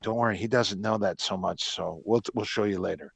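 Older man telling rambling stories, low and dry. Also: normal speed, creaky, slightly rough, no room sound. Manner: rambling anecdotes with frequent restarts. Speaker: guest, martial arts coach. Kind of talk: casual podcast chat, storytelling.

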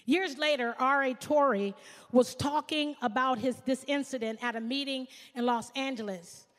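A woman pastor preaching a sermon, swinging from shouts to hushed asides. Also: high voice, normal speed, in a large hall.

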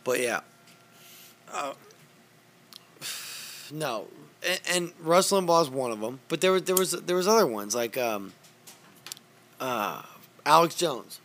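Podcast host, young adult male, gravelly and bright, swears constantly. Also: a little high, expressive, takes it slowly, pauses often, a little hiss or hum. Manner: profane, storytelling, laughs a lot. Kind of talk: casual chat.

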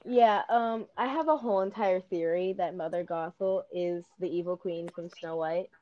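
A woman's voice: fairly low pitch, moderate pace, muffled recording. A woman co-hosting a podcast, rambling and arguing emphatically in casual chat over a video call. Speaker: podcast co-host.

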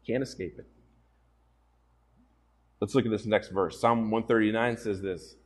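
A man's voice: lowish voice, steady tone, a little slow, pauses often. A man preaching a sermon as pastor to a congregation, earnest and often putting questions to his listeners.

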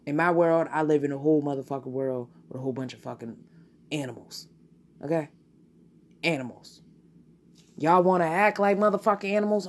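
A woman hosting her own podcast, delivering a blunt, profane, animated solo rant. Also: deep voice. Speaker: podcast host.

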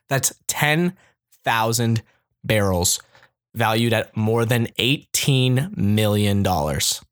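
A young Canadian man hosts a comedy podcast, delivering a casual, joking monologue full of sarcasm and frequent laughter. His voice is medium in pitch with a fairly bright tone.

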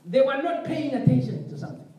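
A man's voice: extremely high pitch, expressive, quick pace, dark tone, distant mic. A man preaching a sermon, emphatic, repeating his phrases and calling out to the congregation for response. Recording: echoey room.

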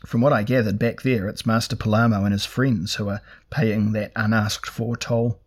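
Wry adventurer, understated, low, husky, read by a man. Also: flat delivery, normal speed, natural voice. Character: wry, guarded male companion adventurer.

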